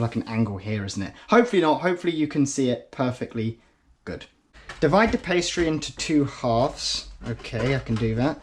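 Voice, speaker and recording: Brief: young guy, home kitchen vlog, chatty and self-deprecating, mid pitch, faint hiss behind. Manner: chatty, self-mocking, talks to himself. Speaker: vlogger. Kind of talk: casual cooking vlog. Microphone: head-mounted action camera.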